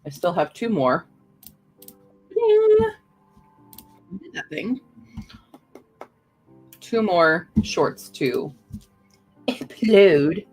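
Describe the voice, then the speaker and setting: A woman's voice: fairly low pitch, animated, extremely slow, pauses often, soft background music. A woman streamer chatting casually and rambling to her viewers. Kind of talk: casual live-stream chat.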